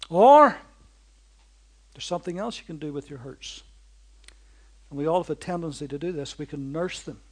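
A man preaching a sermon, swinging from loud bursts to slow, hushed lines and driving points home with rhythmic repetition. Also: fairly high pitch, slightly rough.

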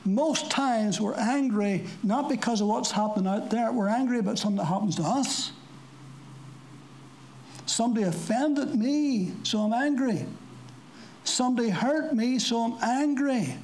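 A preacher giving a sermon to a congregation, talking plainly with rhetorical questions and dry asides, slowing down for scripture quotes. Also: mid-range voice, expressive, darkish tone, poor audio. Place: church service before a congregation.

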